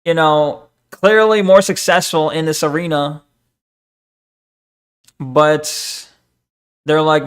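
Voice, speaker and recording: A man talks off the cuff on a live stream, pausing and restarting as he reacts to a clip. His voice sits a bit high for a man, and the delivery is loose, chatty commentary. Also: expressive, clear, resonant tone. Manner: rambling, talks over the video, frequent fillers.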